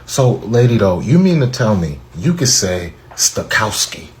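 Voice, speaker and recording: A man's voice: lowish voice, huge pitch swings, unhurried, few pauses. A man mocking in disbelief as he ranted in a reaction video. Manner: mocking, incredulous.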